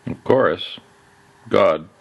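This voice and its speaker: A man hosting a podcast, reading a scripted, reflective story in a measured, gently skeptical way. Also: low-pitched, creaky, breathy edge, dry recording, dull audio. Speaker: podcast host.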